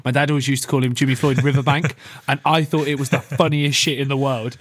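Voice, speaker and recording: A man's voice: medium pitch, little pitch movement, fast talker, dry recording. A young man co-hosting a casual football podcast, laughing, swearing and joking. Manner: laughing, swearing, jokey banter. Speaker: podcast co-host.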